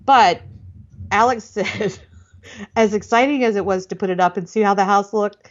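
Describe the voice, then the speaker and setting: A woman's voice: mid-range voice, normal speed, highs cut off. A middle-aged woman, co-hosting a podcast and telling rambling family stories in casual chat. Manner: chatty storyteller, rambling with laughs and restarts. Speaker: podcast co-host.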